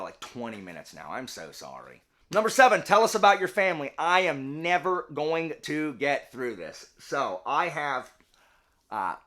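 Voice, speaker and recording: A man in his late thirties with a Southern US accent, a vlogger and teacher, chats casually to camera in a medium-pitched, bright, forceful voice. He rambles, restarting often and wandering into asides.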